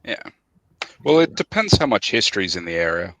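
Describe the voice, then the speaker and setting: A man's voice: fairly low pitch, very animated, brisk, noisy background. An Australian man joking and bantering in a casual panel chat.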